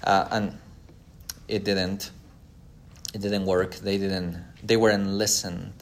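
A man's voice: low-pitched, level tone, slow. A man giving a history lecture: he reads an old letter aloud, then retells the story casually with acted-out quotes.

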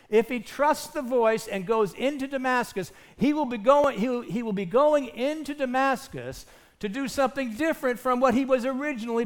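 A male pastor delivers a sermon in a fairly high voice that rises and falls a lot. He talks earnestly and leans hard on key points. He keeps asking the congregation rhetorical questions.

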